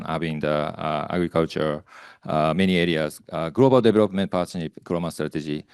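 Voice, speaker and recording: A man moderating a conference panel, speaking hesitantly with many filler pauses. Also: deep voice, a little mellow, dry recording, clean studio sound.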